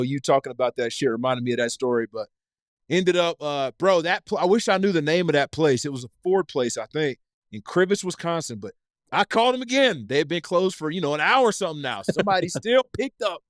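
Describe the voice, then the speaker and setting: A man, telling an animated, profane story as a podcast guest. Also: a little high, normal speed, dry recording, clean studio sound. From East Tennessee. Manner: animated, profane, acts out scenes in his stories. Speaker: podcast guest, former football player. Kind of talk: casual storytelling chat.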